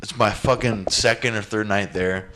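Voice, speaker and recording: A man casually telling a long profane story on a podcast, animated and blunt. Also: lowish voice, normal speed, slight background noise.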